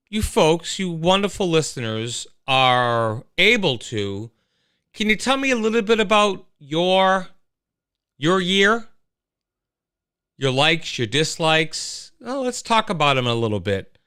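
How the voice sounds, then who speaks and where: A man's voice: medium pitch, unhurried, smooth, no echo, studio quality. A man hosting a casual solo livestream, rambling and chatting straight to his listeners. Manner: animated, rambling, talks to listeners. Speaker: host.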